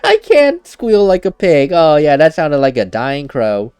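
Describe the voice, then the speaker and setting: A man's voice: a little high, wildly swooping pitch, measured pace, darkish tone, smooth, no echo, faint music behind. A man giving casual gameplay commentary as a let's play host, chatty and laughing at himself, at a desk mic at home.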